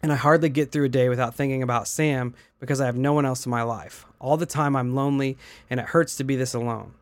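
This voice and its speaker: Brief: male podcast host, reads posts in an even voice, dead-dry studio sound. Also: medium pitch, fast talker, no room sound. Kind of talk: reading aloud and casual chat.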